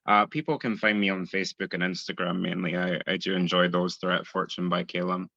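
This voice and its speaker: A man's voice: low-pitched, steady tone, fairly quick, vocal fry, bright, forceful tone, no room sound, lo-fi sound. A Scottish man chatting easily as a podcast guest. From Scotland. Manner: easygoing, chatty, laughs lightly. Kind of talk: casual interview chat.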